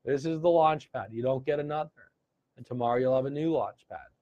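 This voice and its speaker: A man's voice: mid-range voice, a little fast, highs cut off. A man hosting a live gratitude session, encouraging viewers and reading out their comments. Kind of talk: live-stream motivational talk.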